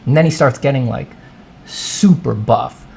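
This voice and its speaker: A man telling a long, rambling, deadpan story in a soft ASMR voice while he draws, often wandering off into side remarks. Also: mid-range voice, measured pace, creaky, slight background noise. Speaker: artist and channel host.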